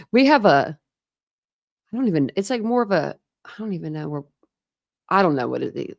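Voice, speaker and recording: Woman from ohio rambling on her true crime live stream, gravelly fry in her voice. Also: fairly low pitch, animated, moderate pace, long pauses, darkish tone. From Ohio, born in Philadelphia. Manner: chatty, rambling, reads comments aloud and laughs often. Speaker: true crime livestream host. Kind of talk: casual chat with live chat viewers.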